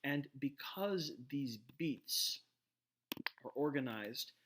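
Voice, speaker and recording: A man lecturing to a class at a middle pitch, explaining step by step. He often pauses, restarts his words and checks in with the listener. The tone is plain and instructive. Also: lively intonation, fairly bright tone, slight background noise. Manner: explanatory, frequent fillers and restarts, asks "right?".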